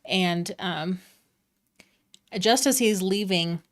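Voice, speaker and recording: A woman narrating as dungeon master in a relaxed way, with lots of fillers. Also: lowish voice, very slow. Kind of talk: narrating a tabletop game.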